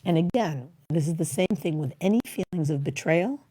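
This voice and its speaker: A woman's voice: sits low, lively intonation, moderate pace, mellow, breathy edge. A middle-aged woman hosting a talk show, giving marriage advice in a rambling, casual way and acting out bits of dialogue. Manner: rambling, acts out little quoted dialogues.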